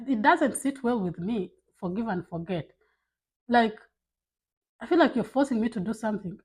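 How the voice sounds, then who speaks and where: A woman's voice: a little high, darkish tone, slightly rough, rough recording. A woman talking candidly to camera, giving blunt life advice in a casual, filler-filled way. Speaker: vlogger.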